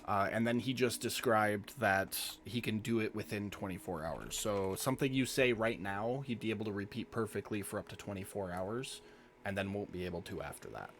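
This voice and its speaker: A man running a tabletop role-playing game as game master, narrating in a relaxed, descriptive way with small restarts. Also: fairly low pitch, moderate pace, a little hiss or hum.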